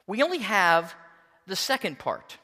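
Lively high-voiced male preacher. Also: measured pace, long reverb tail. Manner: expressive preaching, emphatic, reads scripture aloud. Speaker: pastor. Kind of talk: sermon.

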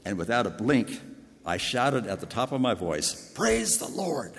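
Older guy with a big low voice preaching, earnest and personal, reverb from a long hall. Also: lively intonation, normal speed. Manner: earnest, personal storytelling with restarts. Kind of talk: sermon.

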